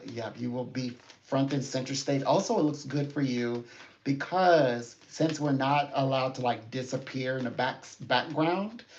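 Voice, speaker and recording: A man's voice: medium pitch, a little mellow. A man giving a psychic reading in a rambling, casual way, with many fillers and frequent laughs. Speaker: psychic reader. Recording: dull lo-fi sound with faint noise.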